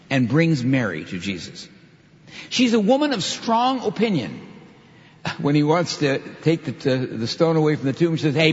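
A male preacher reads a scripture passage aloud and then explains it with emphatic asides. His pitch moves widely as he leans into key lines. The sound is dull and muffled, with long reverb hanging in a large church hall. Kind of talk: sermon with scripture reading.

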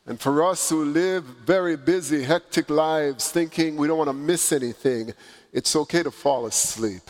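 A man preaching a sermon, with dramatic pauses and swelling emphasis. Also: a little high. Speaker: pastor. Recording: long reverb in a large hall.

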